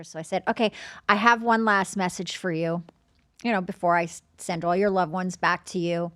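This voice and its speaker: A woman working as a medium, chatting and telling stories in a podcast, animated and acting out her own inner dialogue. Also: on the low side, normal speed, no echo, studio quality. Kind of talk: casual storytelling chat.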